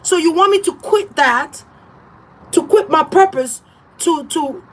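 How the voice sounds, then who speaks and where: A woman's voice: high-pitched, animated, a little slow. Blunt, profane woman tarot reader. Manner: blunt, profane and defiant, laughs often. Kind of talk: casual livestream rant.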